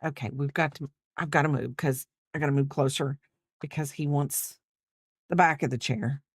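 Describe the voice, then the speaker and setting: A woman's voice: deep voice, fairly even intonation, moderate pace, breathy edge, dry recording, studio quality. A woman in her fifties chatting casually while crocheting on a livestream, rambling and thinking aloud with lots of fillers. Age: 50s.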